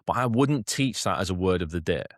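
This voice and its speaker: A man giving a chatty teacher training talk, often checking in with "okay?" and lifting into a bright classroom voice to demonstrate. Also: sits low, animated, fairly quick, dry recording, clean studio sound. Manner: chatty, keeps asking "okay?".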